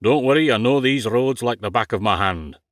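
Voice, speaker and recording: Guy doing a gruff scottish woodcutter, short and offhand, dry recording. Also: medium pitch, brisk, fairly bright tone, no echo, natural voice. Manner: curt and offhand. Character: rough gruff Scottish woodsman driver, blunt.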